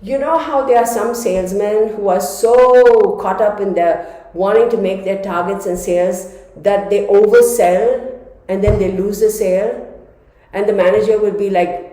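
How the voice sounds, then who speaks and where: A woman's voice: mid-range voice, unhurried, dark tone. A woman giving a casual, chatty tarot reading to her viewers, often laughing as she talks. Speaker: tarot reader. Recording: very echoey room.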